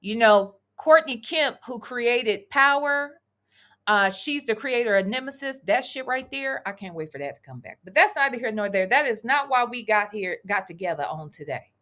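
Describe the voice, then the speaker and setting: Lively, bright-voiced chatty woman vlogger. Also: fairly high pitch, normal speed. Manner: chatty, wandering, swearing freely, laughing asides. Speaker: commentary vlogger reading live chat. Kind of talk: casual live reaction commentary.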